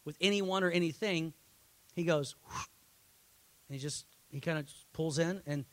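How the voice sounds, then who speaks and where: Male pastor, high-pitched, impassioned sermon delivery that rises to loud peaks; dry, close recording. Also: moderate pace, no echo.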